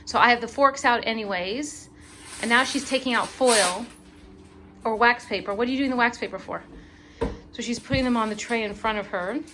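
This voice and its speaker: A woman's voice: on the high side, moderate pace, background noise. A woman chatting casually while cooking with her mother, rambling a little with fillers as she explains each step. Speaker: home cooking vlogger. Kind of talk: casual cooking vlog chat. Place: kitchen, then outdoor backyard kitchen.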